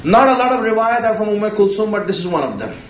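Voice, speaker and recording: A man's voice: sits high, very animated, fast talker, slight background noise. A man preaching a religious sermon, repeating himself and asking "right?" as he goes. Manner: repetitive, rhetorical, often asks "right?". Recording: echoey room.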